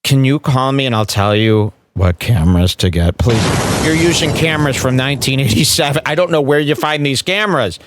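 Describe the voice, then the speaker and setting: A man hosting a comedy podcast, mocking a stand-up clip with sarcastic commentary and sudden loud impressions. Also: mid-range voice, a little fast, few pauses, very noisy. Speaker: podcast host.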